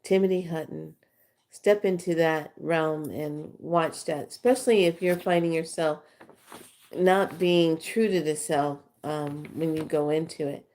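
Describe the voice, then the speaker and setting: A woman's voice: sits low, steady tone, measured pace, a little mellow. A middle-aged woman, a spiritual teacher, telling rambling, chatty stories to her followers with fillers and acted-out quotes. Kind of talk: casual storytelling to followers.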